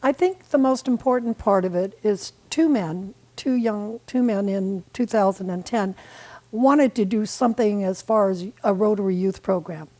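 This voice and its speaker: Mellow-voiced woman in her eighties. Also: mid-range voice, moderate pace, poor audio. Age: 80s. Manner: warm, rambling, with restarts and fillers. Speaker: community volunteer guest. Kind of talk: casual interview chat. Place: local TV studio.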